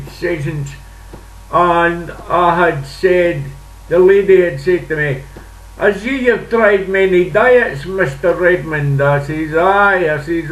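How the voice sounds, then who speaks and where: An older man with a Scottish accent, telling a rambling story in a chatty, casual way with dialect words. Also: high voice. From Scotland. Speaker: vlogger. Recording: echoey room, distant mic.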